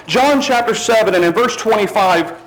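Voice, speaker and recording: Male preacher, slightly high pitch; emphatic sermon delivery, slows for stress, drops low at phrase ends. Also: poor audio.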